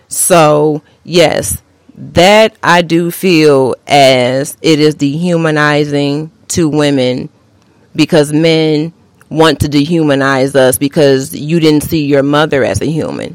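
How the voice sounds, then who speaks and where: A woman's voice: low voice, dry recording. Woman on a podcast going off, blunt and preachy, cusses a lot, dry close sound. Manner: emphatic, blunt, preachy, swears freely. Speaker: podcast co-host. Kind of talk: casual podcast commentary.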